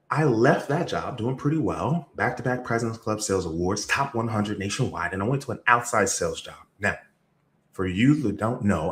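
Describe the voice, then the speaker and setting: A man coaching on sales, telling stories in a motivational talk, energetic, with sudden jumps in pitch and loudness. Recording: roomy echo.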